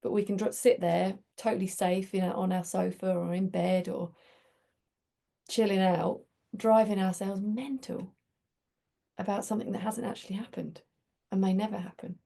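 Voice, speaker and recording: A woman's voice: mid-range voice, steady tone, moderate pace, gravelly, warm tone. A woman hosting a community group, talking in a chatty, reflective way and telling stories with many restarts. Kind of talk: casual reflective talk.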